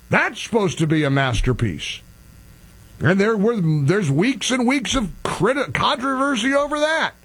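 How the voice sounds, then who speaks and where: Exasperated high-voiced husky male talk host. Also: very animated, measured pace, a bit bright. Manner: exasperated, ranting, self-deprecating. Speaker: radio talk show host. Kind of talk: casual opinionated radio monologue.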